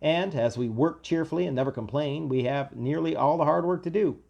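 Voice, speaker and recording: A man doing a young Southern soldier with a put-on American Southern accent, reading his letter home in a boastful, spirited voice. The voice runs a bit higher and louder than a plain reading, with a gravelly edge. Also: brisk, dull audio.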